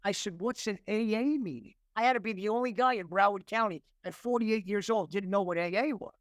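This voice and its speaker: Older male guest in his 60s, animated storyteller, a touch high-pitched, dry close sound; earnest. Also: fast talker, no echo. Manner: animated storyteller acting out dialogue; earnest, emotional at times. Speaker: interview guest. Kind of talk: personal recovery story.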